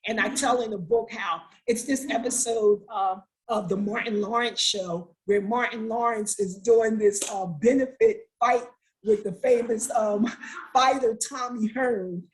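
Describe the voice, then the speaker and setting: This interview guest, a middle-aged mother of an incarcerated son, speaks unhurriedly in a fairly high voice. Her storytelling is emotional and animated, with the dialogue acted out, though the recording quality is low.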